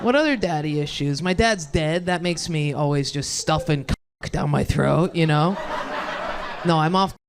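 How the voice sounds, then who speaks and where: A woman's voice: sits low, measured pace, background noise. A young woman performing a stand-up comedy set, rambling and self-deprecating, chatting with the crowd between bits.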